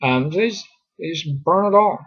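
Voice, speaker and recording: A man's voice: high voice, expressive, normal speed, a bit bright, breathy edge. A man teaching scripture in a casual, conversational way, full of fillers and mock exasperation. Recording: muffled lo-fi recording.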